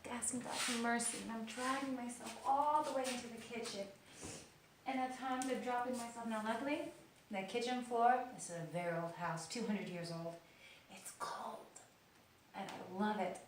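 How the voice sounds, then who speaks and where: A woman vlogging about her illness in her kitchen, telling her story with animated gestures and sometimes dropping to a quiet whisper. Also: fairly high pitch, normal speed. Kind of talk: personal video diary. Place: kitchen of an old house. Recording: roomy, distant mic with faint noise.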